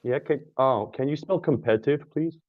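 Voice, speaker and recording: A man's voice: mid-range voice, moderate pace. A man with a mid-range voice challenges the others in a casual online debate. He pushes with probing questions and asks for examples. His voice comes through a dull, lo-fi line.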